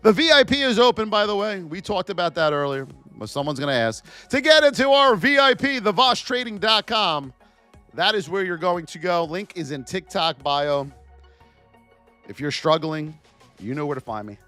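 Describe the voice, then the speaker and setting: High, lively trading host joking with chat. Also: male voice, moderate pace, soft background music. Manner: energetic, jokey banter with viewers between price levels. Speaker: trading educator. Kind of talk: live-stream market commentary.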